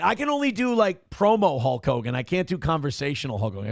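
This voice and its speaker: Gravelly, animated male host with a dry, close sound, crude and joking, reading comments on a live stream. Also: medium pitch, a little fast, dry recording.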